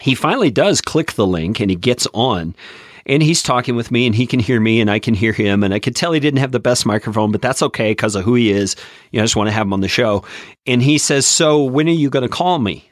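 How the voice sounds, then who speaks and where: A man with a lowish voice, talking easily in a casual podcast chat. He tells his stories in a relaxed, reflective way. The close, dry sound keeps him right at the ear. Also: fast talker, dry recording. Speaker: podcast host.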